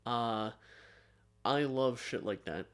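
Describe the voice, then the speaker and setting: A man's voice: medium pitch, expressive, slow pace. A man co-hosting a podcast in casual chat, joking and teasing, with frequent hesitant fillers. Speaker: podcast co-host. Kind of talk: casual chat about video games.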